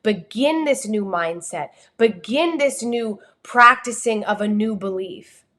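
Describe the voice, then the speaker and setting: A woman with a New Jersey accent, a communication coach giving an energetic, expressive motivational talk on a livestream. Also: mid-range voice, a little slow. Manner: energetic, expressive, talks with her hands.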